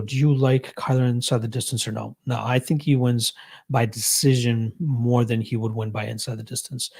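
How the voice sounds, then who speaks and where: A man's voice: mid-range voice, a little mellow, breathy edge. A young Canadian man hosting a casual live stream, reading chat and answering betting questions in a laid-back, chuckling way.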